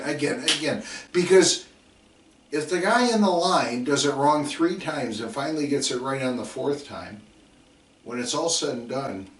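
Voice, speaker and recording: Emphatic football coach in a roomy hall. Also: male voice, mid-range voice, slight background noise. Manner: emphatic, repeats drill calls, acts out players. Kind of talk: coaching lecture with stories. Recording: roomy sound from a distant mic.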